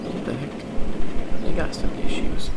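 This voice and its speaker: A young man from Ohio with an Ohio accent, chatting and rambling casually while streaming a coaster simulator, laughing often. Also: measured pace. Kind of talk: casual live-stream commentary. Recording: loud background noise.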